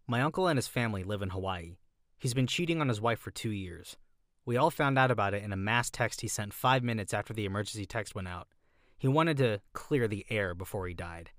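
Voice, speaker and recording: A man's voice: mid-range voice, a bit bright, no echo. A man reading out online posts in a dry, matter-of-fact way and adding his own comments.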